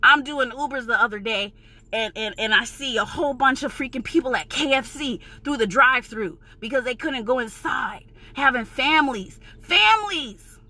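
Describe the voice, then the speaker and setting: New york lady going off in a vlog, high bright voice, cussing, passionate not angry. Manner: heated, emphatic and profane, insisting she is passionate, not angry. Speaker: vlogger. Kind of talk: ranting vlog.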